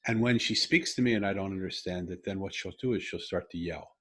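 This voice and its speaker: A husky, fairly low-voiced middle-aged man hosting a podcast from a video call. He tells a personal story earnestly, breaking off and restarting, then pushing hard on key lines. The voice carries a slight rasp throughout. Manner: earnest, halting with restarts, rising to animated emphasis. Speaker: podcast host. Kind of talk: conversational storytelling. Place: home room over video call.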